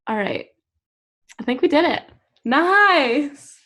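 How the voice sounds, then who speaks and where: A young woman as a guest on a casual quiz, talking in an animated way, laughing often and shrieking when she gets answers wrong. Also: sits high, slow pace, very noisy. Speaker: guest musician.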